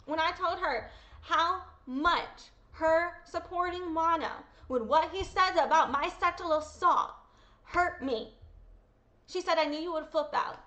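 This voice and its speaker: A vlogger with an extremely high, sharp voice speaks a little slowly, addressing her viewers directly. It's an angry personal callout vlog, upset and blunt, in which she swears and repeats quotes.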